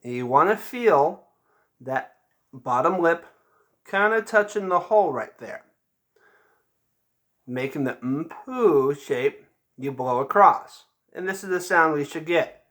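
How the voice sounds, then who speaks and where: A man's voice: on the high side, expressive, takes it slowly, pauses often, a bit bright. A man teaching a beginner band lesson, patiently walking through each step and checking in with frequent "okay?". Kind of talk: instrument lesson demonstration.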